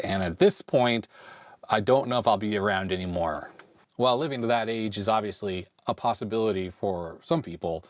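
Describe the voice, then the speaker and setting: At his home workbench, a man in his forties with a lowish voice, slightly raspy and hoarse from a cold, tinkers with retro computer hardware. He hosts a casual hands-on tech vlog, rambling and thinking aloud as he handles the gear.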